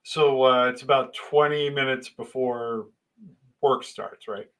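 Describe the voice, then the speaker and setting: A man's voice: medium pitch, fairly even intonation, slow pace, a bit bright, poor audio. A middle-aged man casually telling a long personal anecdote, rambling with restarts and acting out exchanges. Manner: rambling, with many restarts and dramatic voice shifts. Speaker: storyteller.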